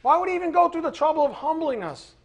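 A man preaching a sermon in a conversational, animated way, with asides to the congregation. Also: extremely high pitch, fast talker. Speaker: pastor.

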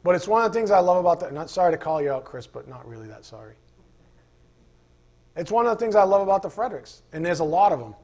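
A man pastor giving a conversational sermon, rambling and informal, who flares into animated rants. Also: high voice, fast.

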